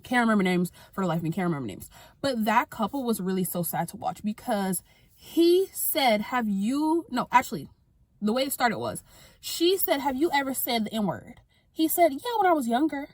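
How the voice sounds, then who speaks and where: Animated young woman ranting, dry close sound. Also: a little high, dry recording. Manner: animated, exasperated ranting with quick asides. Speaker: vlogger. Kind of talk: casual ranting monologue to camera.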